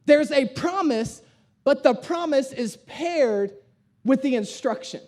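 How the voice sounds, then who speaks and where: A young man pastor preaching a sermon, telling a family story in an animated way and repeating key phrases for emphasis. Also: extremely high pitch, takes it slowly. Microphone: streamed sermon.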